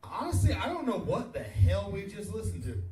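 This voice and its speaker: A man's voice: sits high, huge pitch swings, normal speed, heavy background noise. A man opening a stand-up set in a tavern by wryly teasing the comic who went on before him. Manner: wry, teasing the previous act. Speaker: stand-up comedian. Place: small tavern stage, live audience. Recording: echoey bar from far off.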